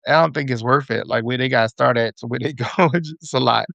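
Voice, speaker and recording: Gravelly man telling loose stories. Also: medium pitch, brisk, fairly bright tone, dry recording, lo-fi sound. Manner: loose, profane storytelling with slang. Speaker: podcast guest. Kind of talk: casual chat.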